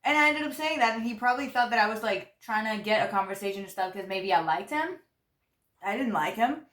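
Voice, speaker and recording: A woman's voice: medium pitch, expressive, a little fast, fairly bright tone, echoey room. A young woman telling a story in a casual vlog chat, rambling and full of fillers while she chews her food. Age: young adult. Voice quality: loose, rambling, heavy on "like" fillers. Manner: chatty, talks while chewing food. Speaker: vlogger.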